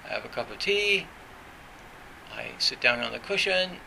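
Bright-voiced man giving a rambling dharma talk. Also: medium pitch, lively intonation, moderate pace, vocal fry, a little hiss or hum, rough recording. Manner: meandering, full of "you know" and restarts.

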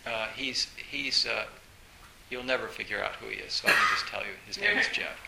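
A man giving a storytelling dharma talk as a meditation teacher, animated, with frequent laughter and many fillers. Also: medium pitch, fairly quick, vocal fry. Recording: roomy echo with faint hiss.

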